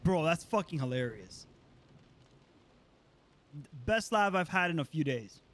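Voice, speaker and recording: A man with a high voice commentates his game stream, his pitch swinging widely as he talks. His speech is loose and casual, packed with slang, fillers and the odd curse. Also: a little slow. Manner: animated, casual slang and swearing, many fillers. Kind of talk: let's play commentary.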